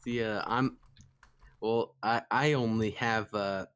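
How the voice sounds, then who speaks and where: A man chatting on a podcast, halting and stammering as he speaks. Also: lowish voice, steady tone, fairly bright tone, clean tone. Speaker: podcast guest. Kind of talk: casual podcast chat.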